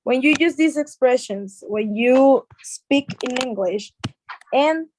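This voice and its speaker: A woman's voice: sits high, lively intonation, slow pace, a little mellow, a little hiss or hum, poor audio. A woman with a Mexican Spanish accent teaching an English class, explaining patiently with repeated words and fillers.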